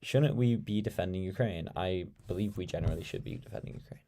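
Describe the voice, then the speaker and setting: Deep-voiced and warm, this young American talks at a quick pace while hosting a relaxed live-stream debate. He meets his viewers' comments with dry, sarcastic replies.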